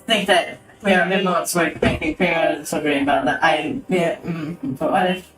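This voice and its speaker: A man streams a game, speaking at normal speed with a fairly high pitch and fairly even intonation. His casual commentary rambles, swears, and keeps cutting itself off, caught by a distant mic in a roomy space with faint music.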